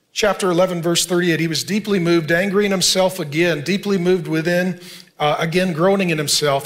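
A middle-aged male pastor with a high, slightly bright voice preaches a sermon. He reads scripture aloud and speaks earnestly and directly to his congregation.

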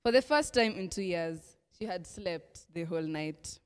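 A young woman with a Kenyan accent leads a church lesson, praying and reading a story in a measured, prayerful way. Her voice sits low. The sound carries the long reverb of a church hall. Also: lively intonation, clear, resonant tone. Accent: Kenyan English. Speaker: lesson presenter. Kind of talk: reading a mission story aloud.

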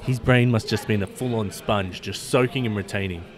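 A man with an Australian accent hosting a casual podcast interview, chatty and telling animated stories. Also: lowish voice, normal speed, crowd noise. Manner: chatty, swearing, animated storytelling. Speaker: podcast host.

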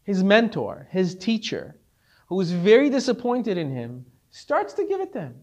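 A man teaching as a rabbi, telling a story in a conversational, animated way. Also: high voice, normal speed. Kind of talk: Torah class storytelling.

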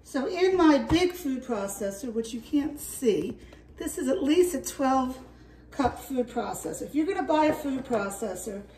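An older woman chatting to camera in her home kitchen, rambling and lively as she cooks. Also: high-pitched, a little slow, far from the mic, slight background noise. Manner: chatty, rambling, talks to camera while cooking. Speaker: home cook vlogger. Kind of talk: casual cooking vlog.

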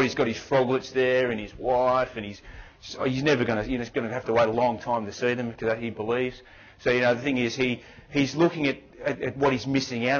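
A man's voice: mid-range voice, fairly bright tone, breathy edge, highs cut off. A man with an Australian accent gives a conversational business talk at a conference and asks the audience questions. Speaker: conference presenter. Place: conference room.

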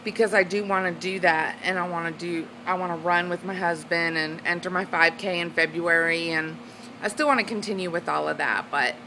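A woman's voice: fairly low pitch, steady tone, a little fast, bright, forceful tone, a little hiss or hum, low-quality recording. A woman, chatting casually in her home vlog, bubbly and giggly. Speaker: weight-loss vlogger. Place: at home indoors, then on a swing.

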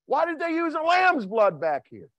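Dramatic, animated preaching man. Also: extremely high pitch, moderate pace, no echo. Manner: dramatic, acts out voices and shouts. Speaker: pastor. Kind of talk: sermon.

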